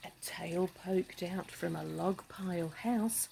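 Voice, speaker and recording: A woman reading a picture book aloud to children, animated, with gasps, hushed asides and questions to the listener. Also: fairly low pitch, slow, gravelly, slight background noise, low-quality recording. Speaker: storybook reader.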